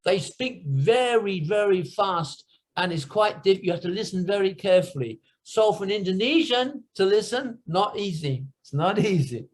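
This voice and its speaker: A man's voice: high-pitched, animated. British man teaching in simple English. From United Kingdom. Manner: simple slow English with Indonesian words, emphatic exclamations. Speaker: guest teacher. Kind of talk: classroom discussion. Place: classroom session.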